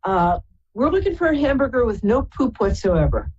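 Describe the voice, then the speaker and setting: A woman's voice: fairly high pitch, sing-song, moderate pace, a little mellow, slightly rough, dull audio. A woman from Brooklyn, hosting a live call-in psychic reading and calling callers darling and sweetheart. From Brooklyn, New York. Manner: affectionate, chatty, calls people darling and sweetheart. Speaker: psychic radio host.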